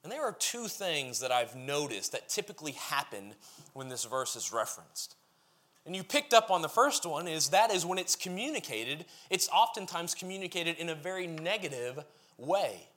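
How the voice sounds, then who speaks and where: This preacher has a slightly high, fairly bright voice with a sing-song lilt and a moderate pace. He reads scripture aloud, then explains it earnestly and emphatically, building his argument in lists.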